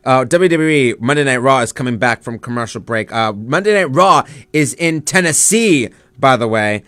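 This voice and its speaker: A man's voice: medium pitch, normal speed, dry recording. Young male vlogger, eager and rambling, filler-heavy, mid voice. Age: young adult. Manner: excited and rambling, many fillers. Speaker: student vlogger. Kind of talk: casual live chat while watching wrestling.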